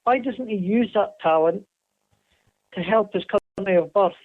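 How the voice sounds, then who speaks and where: A man's voice: high-pitched, normal speed, no room sound. A man, a guest on a radio show, arguing earnestly in a heated debate. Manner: earnest, argumentative. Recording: dull lo-fi sound.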